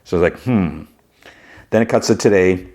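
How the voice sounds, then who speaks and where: Low-voiced guy doing a laid back podcast recap, says like and you know a lot. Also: normal speed, a little mellow. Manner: chatty, peppered with "like" and "you know". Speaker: podcast host. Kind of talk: casual TV episode recap.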